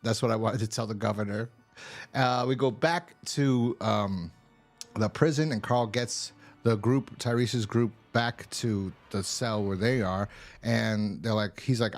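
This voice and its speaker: A man's voice: fairly low pitch, fairly even intonation, unhurried, faint music behind. A man casually recapping a TV episode, rambling and swearing as he acts out the characters' lines. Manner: rambling, profane, acts out quotes. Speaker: TV show reviewer.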